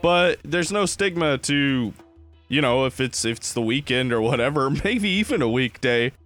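A young man co-hosting a podcast in casual chat. He tells relaxed, joking stories and now and then slips into a mock Russian voice for a laugh. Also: mid-range voice, moderate pace, soft background music. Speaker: podcast co-host. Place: Los Angeles.

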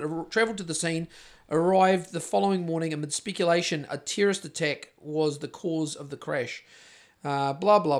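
A New Zealand man with a notably high voice, chatting on a podcast mic. He rambles from tangent to tangent, swears freely and keeps things jokey. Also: creaky. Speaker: podcast host. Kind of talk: casual chat.

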